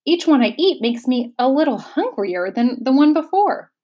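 An earnest, curious young boy from a storybook, asking one question after another, as a woman reads him. The voice sits a little high and sounds hungry and puzzled. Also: very animated, normal speed, a little mellow.

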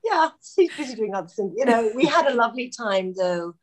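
Speaking a little fast in a voice on the high side, a middle-aged actress shares a casual anecdote as a guest. Lively and full of fillers, she imitates the voices of those she quotes.

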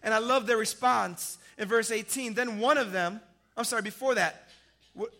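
A male pastor preaches a sermon, vividly retelling a scripture story and swinging between loud emphasis and hushed, quiet lines. His voice is high and his speed normal.

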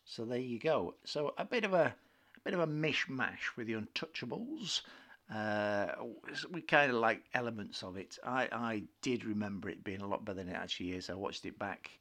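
A man, co-hosting a casual film chat podcast, opinionated and chatty, clearing his throat now and then. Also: fairly low pitch, lively intonation, normal speed, a bit bright. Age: 50s. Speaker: podcast co-host.

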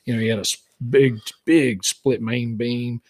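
A middle-aged man, a podcast guest who tells hunting stories in a casual, animated way and acts out the dialogue. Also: medium pitch, measured pace, no echo. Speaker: guest, dog tracker for wounded deer. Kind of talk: casual storytelling.

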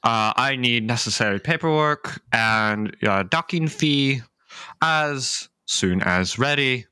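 A man's voice: medium pitch, slow pace, sharp tone, clear, resonant tone, no room sound, studio quality. A man voicing an officious male dockmaster who makes stiff, formal requests.

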